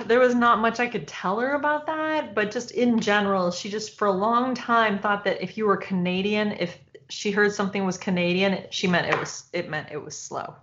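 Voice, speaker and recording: A woman from Michigan in her forties, co-hosting a podcast in easy conversation, laughing often between lines. Her voice sits at a middle pitch and comes through a somewhat dull, lo-fi recording. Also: moderate pace, fairly bright tone. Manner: laughing, storytelling. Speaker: podcast co-host. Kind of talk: casual chat.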